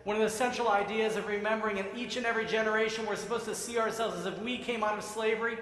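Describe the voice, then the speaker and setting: A man giving a sermon as rabbi in a synagogue sanctuary, telling stories in a measured way and acting out the voices. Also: high voice, fairly even intonation, fairly bright tone, slight background noise. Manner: storytelling, acts out voices, measured. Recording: echoey sanctuary with long reverb.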